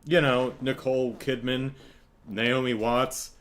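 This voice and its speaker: A man's voice: medium pitch, slow. A man hosting a casual solo podcast, rambling and correcting himself as he tells stories. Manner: rambling, self-correcting, animated storytelling. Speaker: podcast host.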